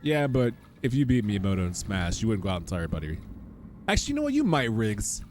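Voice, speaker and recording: A man's voice: fairly low pitch, big pitch swings, fast. A man streaming a game, joking casually and chatting with viewers by name. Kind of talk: casual live-stream commentary. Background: game music.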